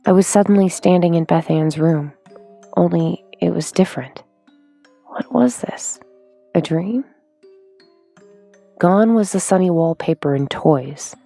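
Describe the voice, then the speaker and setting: A woman narrating a horror story in a hushed, drawn-out way, sometimes dropping to a whisper. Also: lowish voice, gravelly, faint music behind. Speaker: audiobook narrator.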